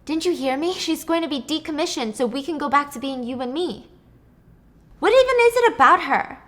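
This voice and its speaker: A woman voicing a furious, possessive young woman who speaks in loud, intense outbursts. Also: sits high, a little fast, voice pushed up, close to an everyday voice. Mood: desperate.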